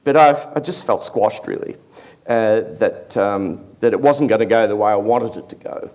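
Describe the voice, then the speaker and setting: An older artist telling a self-deprecating anecdote in a lively, rambling interview manner. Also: male voice, on the low side, normal speed. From Australia. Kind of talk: anecdotal storytelling.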